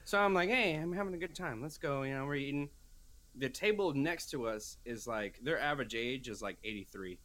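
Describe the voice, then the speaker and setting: Animated man telling a story in casual chat. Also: medium pitch, fairly quick. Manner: animated storyteller, acts out quoted voices. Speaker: podcast co-host.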